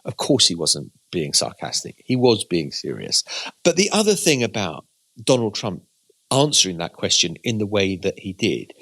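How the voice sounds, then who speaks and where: A man co-hosting a political podcast, recalling events and weighing them up in a measured, reflective way. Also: lowish voice, sing-song, a bit bright. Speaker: podcast co-host. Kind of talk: conversational political analysis.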